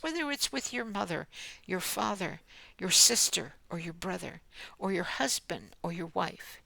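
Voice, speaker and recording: Older woman, Christian speaker. Very gravelly, bright tone, slow, earnest delivery with whispered asides. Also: medium pitch, dry recording. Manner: gentle, often drops to a whisper; earnest, with soft laughs. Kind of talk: devotional message.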